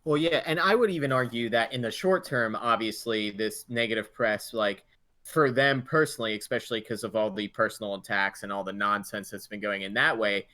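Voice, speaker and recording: A man co-hosting a gaming podcast in casual chat, thinking out loud with restarts and fillers. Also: on the low side, a little fast, dry recording. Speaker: podcast co-host.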